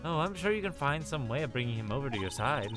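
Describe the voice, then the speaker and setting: A man reading a calm, steady lawyer mentor woman. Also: medium pitch, fast talker, over music, lightly acted.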